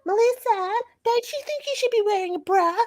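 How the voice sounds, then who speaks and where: A woman voicing her blunt, loud old grandmother. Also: very high-pitched, lively intonation, fairly quick, pitched above the performer's own voice.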